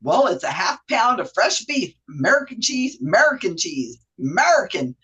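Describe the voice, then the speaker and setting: A woman's voice: medium pitch, big pitch swings, normal speed, fairly bright tone, breathy edge, highs cut off, heavily acted. A woman voicing a cheerful drive-through worker who reads out the menu in a sing-song way and trips over some words. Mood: perky, upselling. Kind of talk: acted drive-through order for a trivia game.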